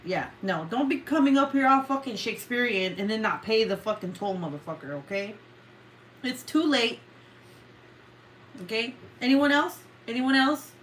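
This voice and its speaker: A woman's voice: mid-range voice, lively intonation, normal speed, pauses often, a little hiss or hum. A woman hosting a casual livestream, joking with viewers, swearing freely and often breaking into laughter. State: coughing. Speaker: livestream host.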